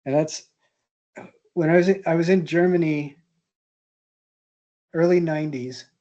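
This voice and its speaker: A man's voice: a little high, fairly even intonation, unhurried, mellow, lo-fi sound. A man teaching an art history class, telling casual, rambling anecdotes with fillers and chuckles. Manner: chatty, hesitant, laughs at own stories.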